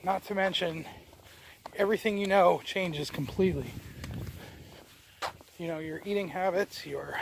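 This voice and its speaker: Out on a walk, a vlogger from New Jersey addresses his handheld camera in a high-pitched voice at a measured pace, pausing often. The background is noisy, and his speech wanders with frequent fillers and restarts.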